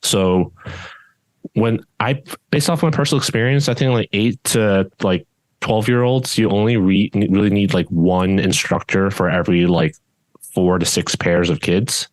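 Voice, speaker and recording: Low-voiced male judo coach, casual podcast co-host, even unchanging tone, rambling delivery, dry close sound. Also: unhurried, no room sound. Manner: steady tone that does not rise even when louder; rambling, with many restarts and fillers.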